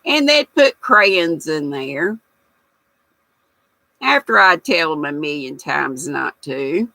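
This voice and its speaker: Folksy older woman, gravelly voice. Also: sits low, animated, slow, sharp tone, no echo, poor audio. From United States. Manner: chatty, folksy, reads viewer comments aloud. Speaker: livestream host reading chat. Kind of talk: casual chat.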